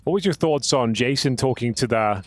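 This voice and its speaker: A man's voice: medium pitch, animated, normal speed. Man casting an esports match over game noise. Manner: dry, teasing banter between calls. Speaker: esports caster. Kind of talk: play-by-play commentary. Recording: broadcast mix with game sounds underneath.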